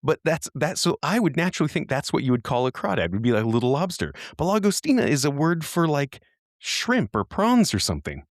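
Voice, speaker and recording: A man co-hosting a podcast in casual chat, animated, curious and joking. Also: a little high, brisk, dry recording, studio quality. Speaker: podcast co-host.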